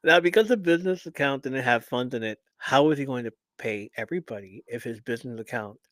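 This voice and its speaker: A man hosting a live show, reading a listener's story aloud and stopping for lively, profane asides to the audience. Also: medium pitch, fast, no room sound. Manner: animated, profane, laughs often, talks straight to listeners.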